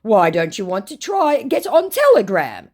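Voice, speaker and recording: A woman's voice: medium pitch, wildly swooping pitch, unhurried, a little mellow, pitched above the performer's own voice. A woman voicing a clueless, pushy male online scammer who speaks broken English in an eager, overexcited way. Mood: offended.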